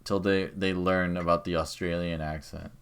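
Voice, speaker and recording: A man's voice: deep voice, moderate pace, clean tone. A man chatting casually on a live stream, teasing and crude in his humour. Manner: teasing, crude, animated joker.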